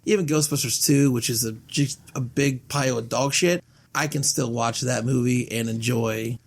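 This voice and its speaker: A man hosting a horror movie podcast, chatting casually and rambling with animated asides and casual swearing. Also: medium pitch, normal speed, vocal fry. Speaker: podcast host. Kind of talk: casual chat.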